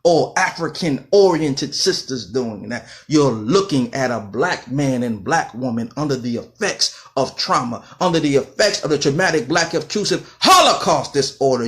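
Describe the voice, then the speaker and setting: A man lecturing with fire and rhythm, stacking repeated phrases to drive each point home. His voice sits somewhat high and swings widely in pitch. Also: a bit bright. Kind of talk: impassioned lecture.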